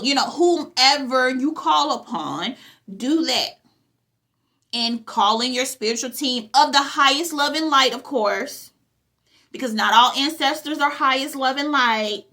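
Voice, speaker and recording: Woman vlogging spiritual tips, bright forceful voice, kinda high, keeps going "okay?" and calling folks honey. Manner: chatty, repeats phrases, checks in with "okay?"; familiar, addresses viewers as "honey" and "y'all". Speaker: vlog host. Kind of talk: casual spiritual advice talk.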